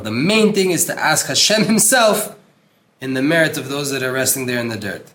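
A man's voice: mid-range voice, animated, fairly quick, fairly bright tone. Earnest man teaching a religious text. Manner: earnest, emphatic, repeats words for stress; mixes in Hebrew terms. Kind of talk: Torah class reading and translating a text.

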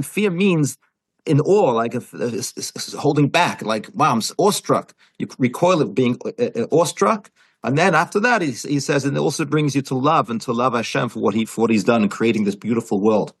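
Man with explaining torah, earnest, keeps rephrasing, husky, dry close sound. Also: medium pitch, no room sound. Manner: earnest, repeats and rephrases, mixes Hebrew terms. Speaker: Torah teacher. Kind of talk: explaining a Jewish text to a listener.

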